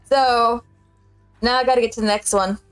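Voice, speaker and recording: A woman's voice: fairly high pitch, fairly even intonation, moderate pace, clear, resonant tone, no echo, soft background music. Chatty woman, laughs a lot. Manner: chatty storytelling, laughs often. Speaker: streamer. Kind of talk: casual chat.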